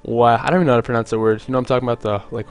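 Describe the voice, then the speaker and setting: A young man casting a video game match on his own, chatty and jokey, with many filler words and quick asides. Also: mid-range voice, flat delivery, clear, resonant tone. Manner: rambling, jokey, lots of "like" fillers. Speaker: esports caster. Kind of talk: solo play-by-play commentary.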